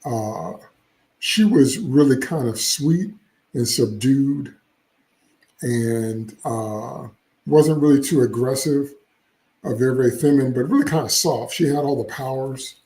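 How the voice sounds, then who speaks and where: A man's voice: mid-range voice, measured pace, warm tone, roomy sound, poor audio. A man hosting casual solo commentary, opinionated and chatty with frequent asides. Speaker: comics channel host.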